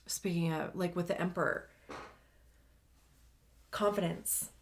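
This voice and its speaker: Slow-talking chatty woman tarot reader. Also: lowish voice, fairly even intonation, slight background noise. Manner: chatty, slangy, laughs often. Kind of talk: casual tarot reading.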